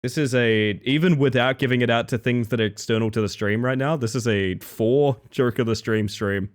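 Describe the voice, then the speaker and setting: A man live-streaming, chatting with his viewers in a playful, excitable way. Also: medium pitch, normal speed. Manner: playful, excitable, talks to chat. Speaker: livestreamer. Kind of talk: casual live-stream chat.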